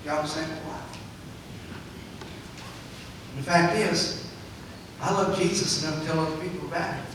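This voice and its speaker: A man preaching a sermon as pastor, building to loud, fervent climaxes and dropping back to quiet asides. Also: high-pitched, background noise. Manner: preaching with swelling, shouted climaxes. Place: church sanctuary. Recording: echoey church hall, mic far off.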